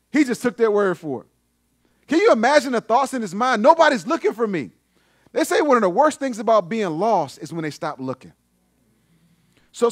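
In a church sanctuary, a pastor delivers an animated, emphatic sermon, repeating phrases for emphasis. His voice is high, and the recording is dry and studio quality.

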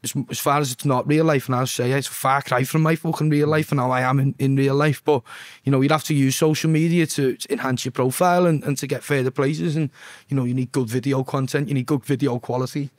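A man's voice: mid-range voice, fairly even intonation, fast talker, no echo, studio quality. A young man with a Liverpool accent, a singer chatting as a podcast guest, swearing freely and often asking "do you know what I mean". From Liverpool, England. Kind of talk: casual interview chat.

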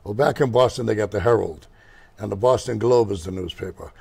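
A man's voice: on the low side, brisk, vocal fry, warm tone, husky. An older man who owns a motorcycle shop, telling rambling, digressive stories as a guest in an interview. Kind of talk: casual storytelling interview.

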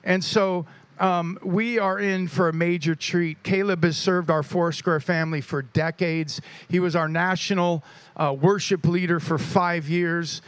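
Man, pastor, higher voice, animated storytelling, dry close sound. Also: unhurried, clean tone, dry recording. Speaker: pastor introducing a guest speaker. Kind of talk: church introduction and prayer.

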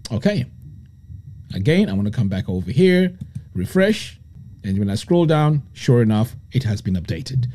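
A man presenting a screen-recorded web design tutorial, explaining each step in a relaxed, step-by-step way. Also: mid-range voice, normal speed. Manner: relaxed step-by-step walkthrough, frequent "so" and "okay".

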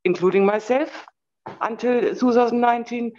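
A woman who speaks English as a second language, hesitant and apologetic, pausing often to search for the right word. Her voice comes through a dull, lo-fi connection. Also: on the high side, darkish tone. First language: not English. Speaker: fellowship member.

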